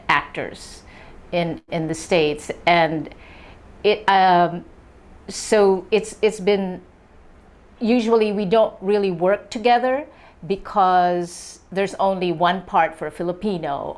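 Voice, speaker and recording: An older woman answers interview questions slowly, pausing often as she searches for her words. Her voice sits on the low side. She speaks in an unhurried, thoughtful way. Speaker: guest actress. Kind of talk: interview conversation.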